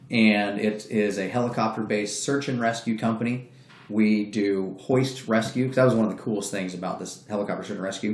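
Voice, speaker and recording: Brief: a low-voiced man spinning a swearing, lively yarn, roomy echo. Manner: profane, animated, acts out quoted voices. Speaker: guest telling a story. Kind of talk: casual storytelling.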